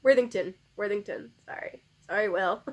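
Tearful woman tarot reader, slow and soft. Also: medium pitch, dull audio. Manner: emotional, teary and grateful, with sighs and laughs; soft, rambling, many fillers. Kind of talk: casual tarot vlog.

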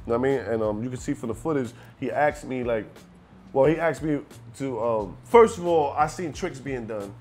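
A man's voice: mid-range voice, normal speed, soft background music. A man from Brooklyn with a Brooklyn accent, a rapper telling a story as a guest and acting out the other people in it. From Brooklyn, New York. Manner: animated, acts out the other people in his story, keeps asking "you know what I'm saying". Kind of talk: storytelling in a casual interview.

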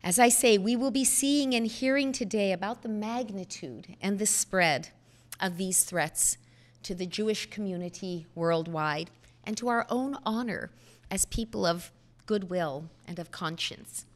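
A middle-aged woman delivering a prepared speech at a podium microphone, earnest and measured, with emphatic pauses. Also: medium pitch. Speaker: speaker at a foundation event.

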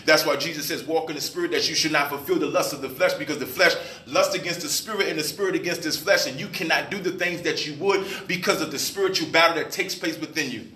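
A male pastor preaching with a bright, ringing voice that sits a bit high. He asks his congregation questions and waits for their replies. He sounds distant from the mic, in a roomy, echoing church. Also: fast talker, hardly any pauses. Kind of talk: sermon. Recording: echoey room, mic at a distance.

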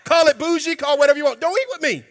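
A man preaching a sermon in a church, emphatic and colloquial, sometimes breaking into shouts. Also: very high voice, racing, some chatter behind. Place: church sanctuary. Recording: long hall reverb.

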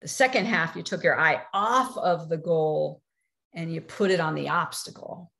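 A woman quoting her wise, patient old grandfather as he calmly teaches a lesson in a storytelling talk. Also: sits low, normal speed, gravelly. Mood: patient, teaching. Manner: calm, questioning, teaching.

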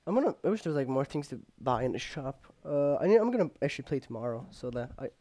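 A young man casually commenting on his gameplay, rambling with lots of fillers and jokes, and sometimes yelling when excited. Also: medium pitch, quick pace. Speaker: gamer.

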